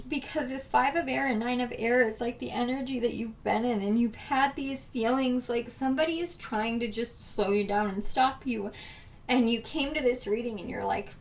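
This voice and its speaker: A woman's voice: fairly high pitch, moderate pace, distant mic, slight background noise. A woman doing a casual tarot reading, chatty and emotional, with frequent laughs and fillers. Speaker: tarot reader.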